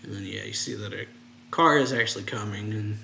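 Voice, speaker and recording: A man's voice: lowish voice, brisk, vocal fry, roomy sound, noisy background. A man hosting a reaction channel, loosely narrating a manga chapter in casual chat, linking lines with easy fillers. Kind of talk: casual manga read-along.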